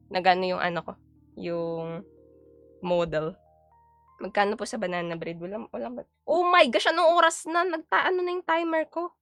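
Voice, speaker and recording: A woman's voice: medium pitch, sharp tone, dry recording. A young woman from the Philippines with a Filipino accent, chatting on a live stream while she cooks, reading viewers' comments aloud and switching between Tagalog and English. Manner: chatty, reads chat aloud and answers viewers. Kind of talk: casual live-stream chat while cooking. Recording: dry close sound with faint background music.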